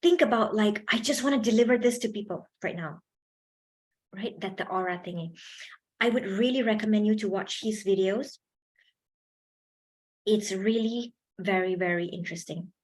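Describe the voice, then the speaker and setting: A woman leading a university workshop on public speaking, talking into a handheld mic with lively energy and frequent laughs. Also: medium pitch, normal speed, pauses often. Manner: animated, laughs often, chatty fillers. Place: university event hall.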